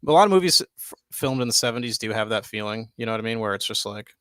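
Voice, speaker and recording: A young man co-hosting a podcast, chatting loosely and excitedly, swearing freely and filling with "like" and "dude". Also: fairly low pitch, quick pace, smooth, no room sound. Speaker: podcast co-host. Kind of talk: casual chat. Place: home studio, live stream.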